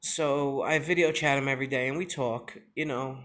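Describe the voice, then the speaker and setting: A young father telling a personal story in a confessional vlog, emotional and halting, with many pauses and fillers. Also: medium pitch, fairly even intonation, fairly bright tone. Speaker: father sharing his injury story.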